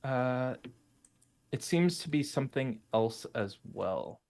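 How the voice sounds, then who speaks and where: Guy game master, narrating a tabletop game slowly, lots of uhs and restarts. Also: mid-range voice, expressive, a little mellow. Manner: halting, full of fillers and restarts.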